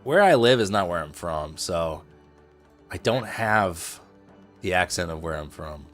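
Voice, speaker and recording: Brief: easygoing Midwestern man, lower register, joking livestream host. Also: lively intonation, unhurried, fairly bright tone, soft background music. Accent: neutral Midwestern. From Indianapolis, US Midwest. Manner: chatty, joking with chat, playful asides. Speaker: trading livestreamer. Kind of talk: casual livestream commentary.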